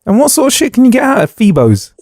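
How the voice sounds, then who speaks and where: A man's voice: extremely high pitch, fast, dry recording, clean studio sound. A young British man hosting a podcast, asking questions in a jokey, casual way. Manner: jokey, prompting questions, lively. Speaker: podcast host. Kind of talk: casual chat.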